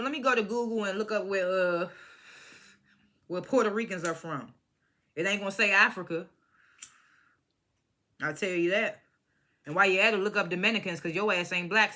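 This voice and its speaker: A woman's voice: medium pitch, sharp tone. Blunt, cursing young woman reviewing reality TV. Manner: blunt, profane and opinionated, mimics cast members. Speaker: reality TV recap vlogger. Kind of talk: casual reality show review.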